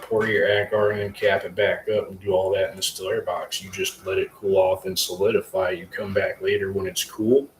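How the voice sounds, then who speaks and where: A man hosting a casual live stream about growing mushrooms, rambling loosely with lots of fillers and the odd curse word. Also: low voice. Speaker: livestream host, hobby mushroom grower. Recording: echoey room with faint ambient hum.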